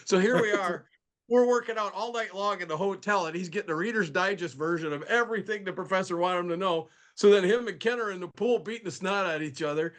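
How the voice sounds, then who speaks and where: A man joining a video call as a guest, telling a funny story casually. He acts out the people he quotes with lively shifts. His voice sits slightly high.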